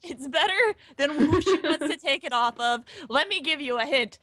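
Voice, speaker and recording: A woman playing a tabletop role-playing game, animated and quick to laugh and swear. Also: sits high. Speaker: player. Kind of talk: tabletop role-play chat.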